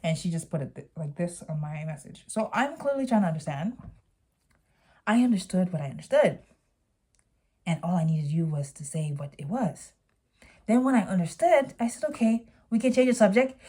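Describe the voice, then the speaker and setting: A woman's voice: lowish voice, sing-song, moderate pace, a little mellow, slightly rough. A young adult woman vlogger telling a storytime with a sassy, exasperated edge.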